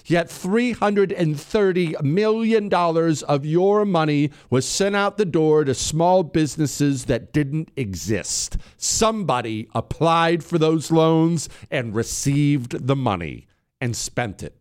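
A man hosting a talk radio show, emphatic and sarcastic, swinging from loud mockery to low, intense points. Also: lively intonation, slow pace, clean tone.

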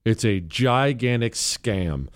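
A man's voice: fairly low pitch, expressive, slow pace. A man hosting a talk show, giving sarcastic, ranting commentary. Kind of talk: opinionated commentary.

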